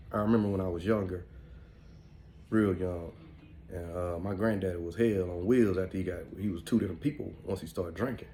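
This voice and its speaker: A middle-aged man with an African American Vernacular English accent tells stories in a loose, rambling way, dropping "man" and "you know" all through. His voice sits low and mellow. A faint hum of background noise runs under it. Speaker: podcast host. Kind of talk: casual storytelling monologue.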